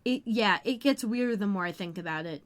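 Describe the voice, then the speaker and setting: A woman's voice: mid-range voice, lively intonation, brisk. A woman co-hosting a podcast, recapping a TV episode in casual chat, full of jokes and side remarks. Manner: chatty, jokey, tangents and side comments. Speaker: podcast co-host.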